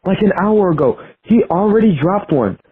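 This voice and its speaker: Excited husky man on a phone line. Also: sits high, normal speed. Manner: excited, breathless. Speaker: caller. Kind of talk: excited casual rant. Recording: tinny phone voicemail.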